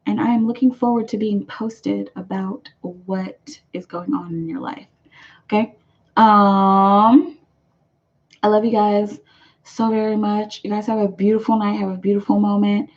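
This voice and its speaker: On this muffled, low-fidelity live stream, a woman hosts a tarot session and reads viewers' comments while chatting and rambling. Her pitch is medium and her intonation stays fairly even. She's talkative, leans on "like" as filler, and laughs in quick bursts.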